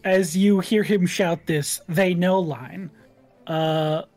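A woman narrating scenes as game master in a tabletop game, often laughing. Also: takes it slowly. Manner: descriptive, laughs often, lively pitch.

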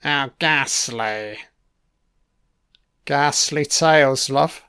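A man's voice: mid-range voice, very slow, sharp tone, clear, resonant tone. A man giving a casual running commentary on a film. He swears constantly and makes wry, offhand remarks.

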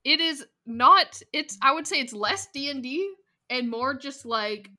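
A woman co-hosting a casual podcast chat, animated and swearing casually, laughing often. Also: high-pitched, a little slow. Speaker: podcast co-host.

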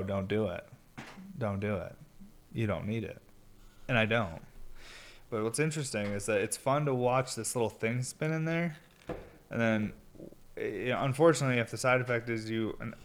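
A young man hosting a solo podcast, rambling in a laid-back, stoned way, full of filler words and casual swearing. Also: fairly low pitch. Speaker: podcast host and glass blower.

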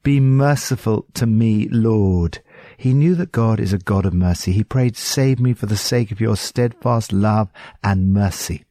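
A man's voice: on the low side, unhurried, warm tone, no room sound. A man with an English accent giving earnest, pastoral devotional commentary on scripture.

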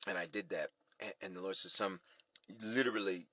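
A man preaching as a bishop on a livestream, energetic, talking straight to viewers and repeating phrases for emphasis. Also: low voice, a little fast, husky, no room sound, lo-fi sound. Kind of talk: livestream sermon.

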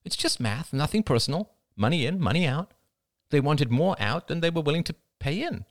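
Audiobook figure: blunt, tense father on the run, read by a man, raised lively delivery. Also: on the high side, fairly quick, dry recording, clean studio sound, pitched above the performer's own voice. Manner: blunt, matter-of-fact arguing. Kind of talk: audiobook character reading.

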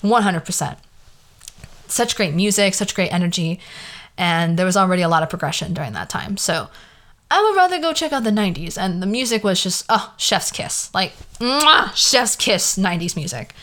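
This podcast host, a woman in her twenties from the San Fernando Valley in California, speaks a little fast in an expressive, low-leaning voice with a Valley girl accent. On her casual solo podcast she rambles, says "like" a lot, and sounds like she's asking questions.

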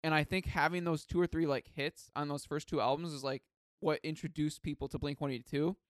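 A man's voice: on the high side, fairly even intonation, fairly quick, no room sound, studio quality. A man hosting a podcast, chatting casually and eagerly, leaning on "like" as he rambles. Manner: enthusiastic, rambling, says "like" often. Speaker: podcast host. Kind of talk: casual chat.

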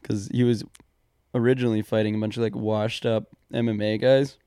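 Young male co-host, clear smooth voice, giggly and rambling, dry close-mic sound. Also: fairly low pitch, flat delivery, fairly quick, warm tone, dry recording. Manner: laughs easily, rambling with lots of fillers. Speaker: podcast co-host. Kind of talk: casual chat. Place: studio.

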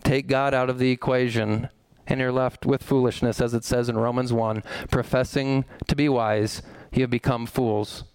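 A man preaches a sermon from the pulpit. He fires off rhetorical questions and briefly acts out the voices of skeptics. His voice is smooth and resonant, and the recording is dry and close. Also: medium pitch, level tone, normal speed, a little mellow, no echo, poor audio. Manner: preaching with rhetorical questions, voicing doubters' objections. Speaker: pastor.

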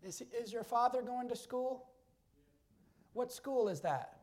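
A man preaching a sermon with fervor, swinging between loud exclamations and quiet, chatty asides to the congregation. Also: very high voice, slow.

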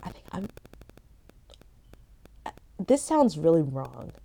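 A woman's voice: low-pitched, sing-song, takes it slowly, creaky, mellow. A young woman telling rambling mission stories in a casual monologue, full of asides and laughter.

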